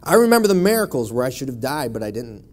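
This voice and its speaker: A man's voice: mid-range voice, very animated, quick pace, darkish tone. Man telling a church testimony. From Buffalo, New York. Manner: storytelling, wry and conversational. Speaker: church member giving testimony. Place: church sanctuary.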